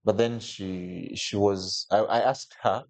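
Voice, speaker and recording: A man telling a personal story as a podcast guest, animated, with frequent restarts and jumps in pitch when quoting others. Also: slow pace.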